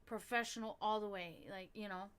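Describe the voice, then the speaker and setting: Reading esoteric texts aloud on her livestream, a German woman chats casually, drifts into tangents and curses when irritated. She speaks fairly quickly at medium pitch, with fairly even intonation and a clean, slightly bright tone.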